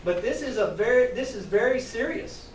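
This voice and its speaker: A man's voice: very high voice, expressive, normal speed, slight background noise. A man voicing a commanding male frog leader in a read-aloud picture book. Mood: urgent. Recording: echoey room, distant mic, faint ambience.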